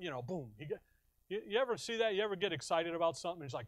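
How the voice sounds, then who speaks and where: An American man preaching a sermon, who asks the congregation questions, answers them himself and acts out quoted voices with big swings in loudness. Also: fairly high pitch, animated, racing, no room sound, clean studio sound. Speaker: pastor.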